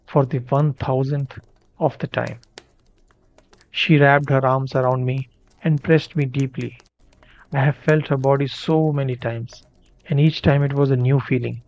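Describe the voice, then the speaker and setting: A man reading a first-person short story in a measured way, sometimes stumbling and restarting a word. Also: medium pitch, fairly even intonation, darkish tone. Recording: dull lo-fi dry recording.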